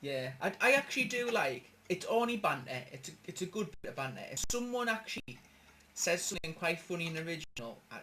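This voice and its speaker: A man with a Geordie accent and a notably high voice chats about online gaming in loose, laughing banter. A faint noise sits under the recording. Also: big pitch swings, fairly quick, sharp tone. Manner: chatty, laughing, swearing. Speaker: gaming channel host. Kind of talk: casual banter podcast.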